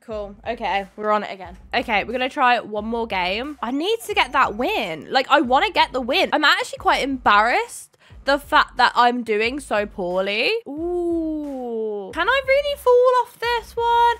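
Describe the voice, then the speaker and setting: A young woman, chatting casually as she commentates her own gameplay, excitable and quick to shriek. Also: a little high. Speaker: gaming YouTuber.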